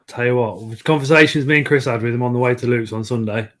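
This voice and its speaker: A man's voice: medium pitch, quick pace, a bit bright. A middle-aged man hosting a casual live stream, chatting and reading out viewer comments. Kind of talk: casual chat.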